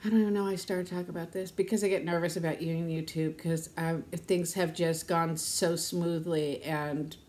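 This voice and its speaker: Woman, fifties, lowish voice, casual vlog chat, rambling, laughs a lot. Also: fairly even intonation, moderate pace, few pauses, a little mellow. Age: 50s. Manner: rambling, chatty, laughs often, uses high baby-talk to her dog. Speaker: vlogger.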